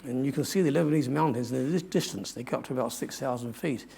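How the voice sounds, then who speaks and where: An older man, a guest speaker at a museum, delivers a long adventure story at a quick pace, rambling and repeatedly restarting his sentences. His medium-pitched voice has a dark, mellow, husky quality, and his delivery is loose and chatty.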